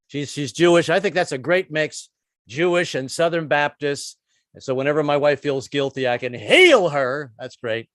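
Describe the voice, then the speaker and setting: A man's voice: fairly high pitch, fairly bright tone, no echo, studio quality. A man in his sixties doing a stand-up comedy set, rambling and self-deprecating with stammered restarts. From United States. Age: 60s.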